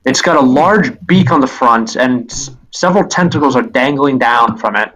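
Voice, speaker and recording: A man running a tabletop game as game master, describing scenes with halting restarts. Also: mid-range voice, lively intonation, fairly bright tone, poor audio.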